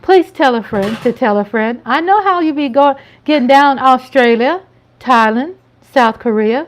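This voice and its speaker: A woman's voice: high voice, expressive. Chatty woman hosting a livestream. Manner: chatty, playful, drawn-out greetings. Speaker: livestream host. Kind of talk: casual live-stream chat.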